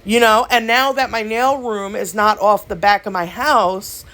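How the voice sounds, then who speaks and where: A woman's voice: mid-range voice, measured pace. A young woman, chatting casually as a nail artist, telling stories and giving tips. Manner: animated storytelling, chatty, swears. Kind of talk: casual rant and tutorial chat.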